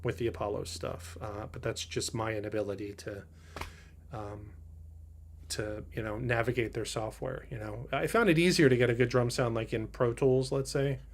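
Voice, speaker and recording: Male drummer-streamer, casual chat, rambling and halting with lots of fillers, studio mics in a drum room. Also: mid-range voice, steady tone. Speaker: drummer hosting a livestream. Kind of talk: casual livestream chat reading viewer comments. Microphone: studio mics through a preamp.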